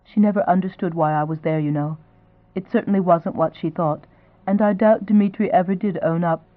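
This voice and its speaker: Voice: medium pitch, steady tone, a little fast, no echo, lightly acted. A proud, anxious young mother who keeps her answers short and defensive, as an audiobook reader puts her on. The sound is narrow and phone-like. It is dry and close. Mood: guarded. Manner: clipped, defensive.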